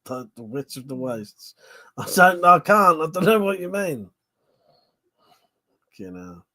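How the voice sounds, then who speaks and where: A man's voice: a little high, very animated, slow pace, bright, forceful tone. A man hosting a live stream, chatting casually with viewers and laughing often between jokes and swearing.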